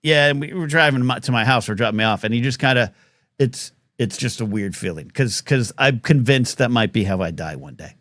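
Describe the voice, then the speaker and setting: A man's voice: medium pitch, a little fast, fairly bright tone, no room sound, clean studio sound. A man hosting a live talk show, telling a rambling story full of fillers and restarts.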